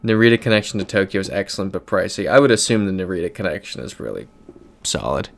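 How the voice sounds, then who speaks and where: A man's voice: sits low, expressive, fast, vocal fry. A young American man chatting casually on a live stream, reading out chat messages as he plays. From United States.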